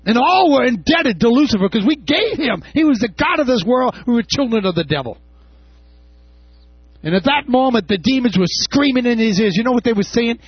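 A male preacher with a high, husky voice that swings widely in pitch, preaching with passion and breaking into shouts. The sound is dry and slightly dull. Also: animated, brisk, no echo. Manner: impassioned, with shouted peaks and casual asides. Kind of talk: sermon.

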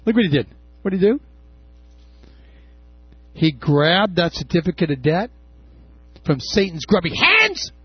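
A male preacher with a high, husky voice that swings widely in pitch, preaching with passion and breaking into shouts. The sound is dry and slightly dull. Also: very animated, unhurried, pauses often, no echo. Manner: impassioned, with shouted peaks and casual asides. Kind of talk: sermon.

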